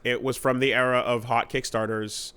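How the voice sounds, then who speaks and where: A man hosting a casual podcast chat, rambling with fillers and swearing, his voice jumping high when exasperated. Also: level tone, moderate pace, pushed and bright, smooth. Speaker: podcast host.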